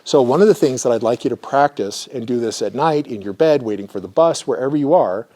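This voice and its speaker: Man giving a calm breathing lecture. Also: medium pitch, fairly quick. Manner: explanatory, demonstrates breathing, asks "right?" often. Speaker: therapist teaching a class. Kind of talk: educational lecture.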